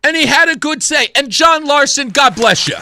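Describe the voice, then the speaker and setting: A man's voice: very high voice, moderate pace, background noise. A man in his thirties hosting a talk radio show, delivering an opinionated monologue with sarcasm and mimicked voices. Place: radio studio. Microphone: studio microphone.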